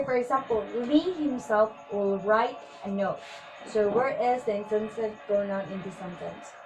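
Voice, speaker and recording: A woman's voice: on the high side, low-quality recording. A woman teacher giving a grammar lesson to her class, patiently repeating her points and often addressing the class. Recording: music playing under the voice.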